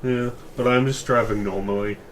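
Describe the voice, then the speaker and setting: A man's voice: mid-range voice, steady tone, normal speed, background noise. A man playing in a tabletop game, talking in a jokey, offhand way. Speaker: player. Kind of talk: casual in-game chat.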